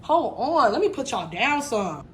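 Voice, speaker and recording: Woman in her 20s, storytime vlog, slangy and animated, echoey room, distant mic, faint background noise. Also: fairly high pitch, a little slow. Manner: animated, slangy, swings loud when retelling. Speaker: vlogger. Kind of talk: storytime vlog while cooking. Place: home kitchen.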